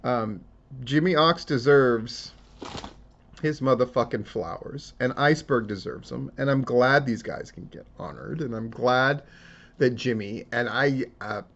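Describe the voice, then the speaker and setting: A man's voice: mid-range voice, a little slow, a bit bright, highs cut off. A man giving casual solo commentary on wrestling news, talking in a profane, rambling and emotional way. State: tearing up.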